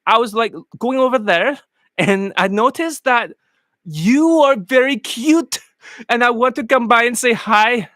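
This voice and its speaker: A man voicing a timid young man who awkwardly approaches a woman, halting and overly polite. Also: high-pitched, very animated, a bit bright, no room sound, exaggerated voice.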